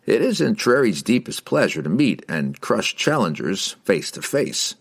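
A wry, eager wizard with a deep voice that rises and falls freely, as a male narrator puts him on. He speaks in a measured, storybook tone. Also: very animated, vocal fry, breathy edge, full character voice.

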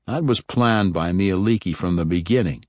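A cool, composed young dark elf woman, as a male narrator puts her on, speaking with calm poise. The voice stays low, with a dry, close audiobook sound. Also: normal speed, no echo, natural voice. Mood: poised.

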